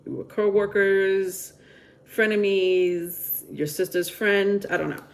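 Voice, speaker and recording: A woman's voice: mid-range voice, slow, a little hiss or hum. A woman giving a casual tarot reading, chatty and rambling, with frequent filler words. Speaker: tarot reader.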